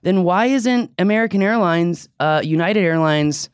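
A man's voice: high-pitched, moderate pace, clean tone, no echo, clean studio sound. A man hosting a drone talk show in casual chat, opinionated and joking. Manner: chatty, opinionated, joking asides. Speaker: podcast host.

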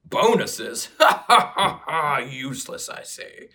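A man voicing a brutish male orc assassin who loves slaughter, in a gruff, blustering put-on voice during a casual read-through. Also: a little high, big pitch swings, takes it slowly, bright, forceful tone, pitched above the performer's own voice, full character voice.

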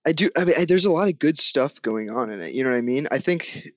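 A man's voice: a little high, animated, quick pace, no room sound. A young man co-hosting a casual movie review chat, rambling and amused, with lots of fillers as he retells scenes. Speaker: movie review podcast co-host.

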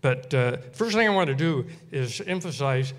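A man giving a personal testimony in church, earnest and halting with many fillers. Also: medium pitch, lively intonation, big-room sound.

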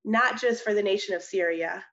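A young woman, a missionary, telling her personal testimony in an interview, earnest and animated, often laughing and restarting her sentences. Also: mid-range voice, normal speed. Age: young adult. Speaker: missionary guest. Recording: slightly dull audio.

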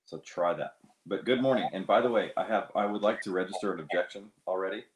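A man's voice: low-pitched, quick pace. A man co-hosting a morning live stream over a video call, dry and teasing. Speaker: co-host. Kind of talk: casual live-stream chat. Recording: roomy echo on a video call.

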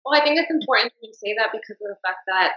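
A woman's voice: on the high side, expressive, rapid-fire, highs cut off. Reflective host woman in a roomy space. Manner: reflective, paraphrasing the guest back to her. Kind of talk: empathetic interview conversation.

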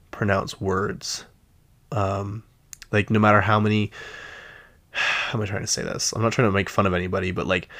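A man's voice: lowish voice, a bit bright. A man with a Utah accent hosting a casual pop-culture chat, chatty and easily exasperated, with lots of fillers. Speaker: podcast host.

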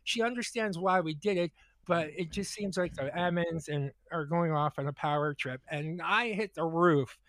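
A man with a high voice telling a rambling, profane story on a comedy podcast. He stumbles and repeats words as he goes, and the sound is dry and close. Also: moderate pace, a bit bright, dry recording. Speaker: podcast co-host.

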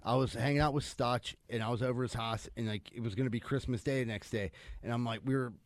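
A man's voice: mid-range voice, fairly even intonation, quick pace, no echo. A man in casual podcast chat spins a rambling, profane story. He peppers it with "dude" and "like". The sound is dry and close.

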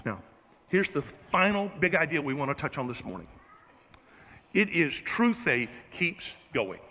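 A man's voice: fairly high pitch, measured pace, long reverb tail. A man preaching a sermon in a church, joking and poking fun at himself as he speaks to the congregation. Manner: animated, joking and self-mocking, talks to the room. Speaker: pastor. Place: church sanctuary.

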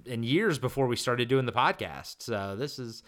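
A man's voice: mid-range voice, lively intonation, normal speed. Chatty, rambling podcast co-host, a man. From Maryland, US. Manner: rambling and enthusiastic, with frequent restarts. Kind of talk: casual chat.

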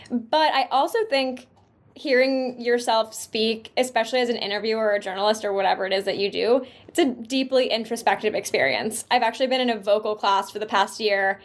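A woman guest on a podcast, talking fast and animatedly about her own voice. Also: on the high side. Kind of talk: casual chat.

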